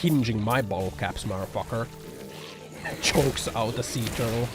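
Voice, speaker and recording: Over background music, a male streamer reacts to viewer comments in loose live chat, profane and sarcastic, wandering off with many fillers. His voice sits in the mid range, and he keeps a moderate pace.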